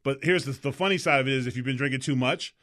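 A man co-hosting a talk show, telling rambling, animated anecdotes in casual chat. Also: medium pitch, fast talker. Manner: slips into mock voices.

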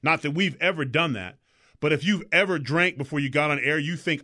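Bright-voiced man telling loose stories. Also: on the high side, brisk. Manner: animated, rambling anecdotes; slips into mock voices. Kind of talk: casual storytelling chat.

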